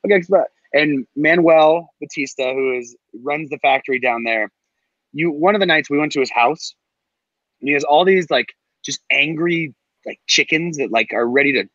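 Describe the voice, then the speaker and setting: Chatty man with a slightly high, dull voice. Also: normal speed, dry recording. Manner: animated storyteller, filler-heavy. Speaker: guest, co-host of a cigar show. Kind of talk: casual chat.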